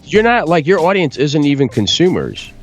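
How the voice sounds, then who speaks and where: A man, a music producer guest on a podcast, explaining marketing in casual chat with a blunt, profane, animated manner. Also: on the high side, moderate pace.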